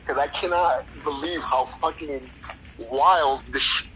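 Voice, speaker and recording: A man's voice: fairly high pitch, unhurried, bright, forceful tone. A man hosting a podcast, chatting casually and telling anecdotes full of slang and swearing, laughing often. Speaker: podcast host. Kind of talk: casual storytelling chat. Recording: noisy background.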